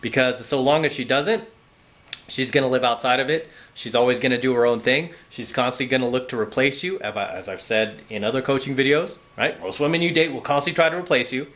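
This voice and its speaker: Blunt, forceful male dating coach. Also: medium pitch, a little fast. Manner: blunt, lecturing, repeats "okay?" and "right?". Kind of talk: direct-to-camera coaching monologue.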